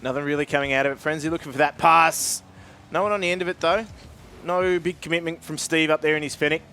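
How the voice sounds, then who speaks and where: A man works as co-caster on a live esports broadcast, his slightly raised voice steady through the analysis. His voice jumps up when a goal goes in. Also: fairly high pitch, slight background noise. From Australia. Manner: measured analysis, bursts of excitement.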